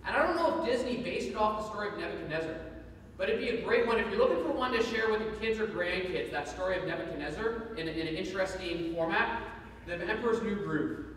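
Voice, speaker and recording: A man preaches a sermon in an earnest, emphatic way, returning again and again to one point. His voice sits high for a man. He is recorded from a distance in a church hall with heavy echo and faint background noise. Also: expressive, quick pace, fairly bright tone. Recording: echoey hall from far off.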